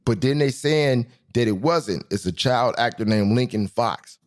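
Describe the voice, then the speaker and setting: Animated man hosting a comedic monologue. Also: a little slow. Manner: animated, jumps between high and low pitch, laughs often. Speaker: podcast host.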